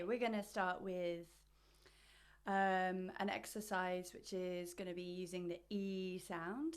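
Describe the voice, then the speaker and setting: A woman leading a choir's vocal warm-up over a video call, explaining with playful images and chatty asides. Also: lowish voice, fairly even intonation, takes it slowly, clear, resonant tone. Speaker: vocal coach.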